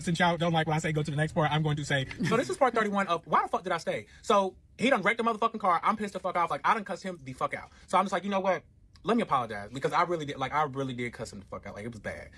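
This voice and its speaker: Man, profane animated storytelling, rapid-fire, bright husky voice. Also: sits high. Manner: animated, profane, swings to yelling and back. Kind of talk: casual storytelling.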